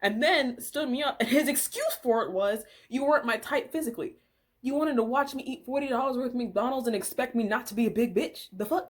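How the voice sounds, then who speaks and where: A woman's voice: a little high, fairly quick, few pauses. Chatty young woman telling a storytime. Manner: chatty and exasperated, swears and laughs, full of filler words. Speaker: vlogger. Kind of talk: casual storytime monologue.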